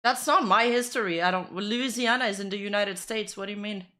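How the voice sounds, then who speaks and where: Woman, casual reaction chat, rambling fillers, bright tone. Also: medium pitch, fairly quick. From Quebec, Canada. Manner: chatty, rambling, frequent "like" fillers. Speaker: streamer reacting to clips.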